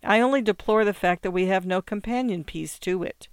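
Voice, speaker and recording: An effusive young man with a pleading, eager way of talking, brought to life in a short story reading by its reader. The voice is smooth and resonant, recorded close and dry. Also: medium pitch, a little fast, dry recording, lightly acted. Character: grateful young man pressing a gift.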